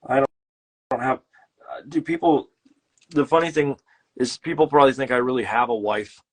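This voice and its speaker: A man hosting a casual live stream while painting, telling a rambling, joking tall tale with many halting restarts. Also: mid-range voice, breathy edge. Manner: halting, full of fillers and restarts. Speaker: host and illustrator.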